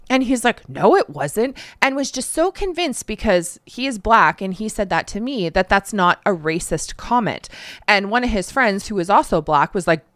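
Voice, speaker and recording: A woman's voice: medium pitch, fairly bright tone, no room sound, studio quality. A woman co-hosting a podcast, telling rambling stories full of fillers and laughing often. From Canada. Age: young adult to middle-aged, a parent. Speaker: podcast co-host. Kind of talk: casual podcast chat.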